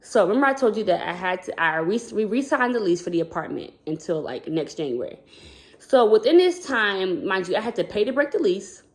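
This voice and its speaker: Sharing a personal story with her viewers, a woman who works as a school counselor talks a little fast in a sing-song, mid-range voice. Her style is casual and meandering; she addresses the audience as "y'all" and performs the quoted lines.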